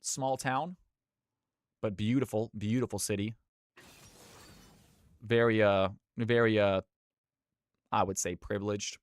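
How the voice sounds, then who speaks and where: A man's voice: fairly even intonation, slow, pauses often, clear, resonant tone, no echo. A man from Georgia in the US, casting a live game stream with lots of energy and chatting with viewers. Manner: high-energy, hyped.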